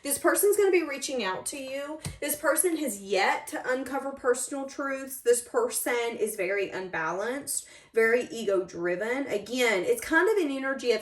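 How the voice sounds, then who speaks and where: A woman giving a tarot reading to camera in an emphatic, animated way. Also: high-pitched, normal speed, hardly any pauses. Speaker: tarot reader. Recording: roomy echoey room.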